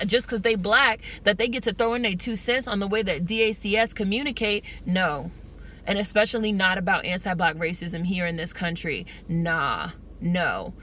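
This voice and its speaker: An American woman records a car vlog rant with a bright, cutting voice. She talks fast and emphatic, swearing freely as she drives each point home. A faint hum of the car runs underneath. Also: medium pitch. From United States. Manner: emphatic, profane, fast-talking. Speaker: vlogger.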